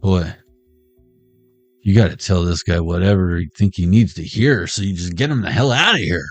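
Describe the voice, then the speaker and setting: Male tarot reader, lowish voice, joking and tangential, faint music underneath. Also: moderate pace, husky, no room sound. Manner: jokey, tangential, talks to viewers. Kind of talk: casual rambling tarot reading.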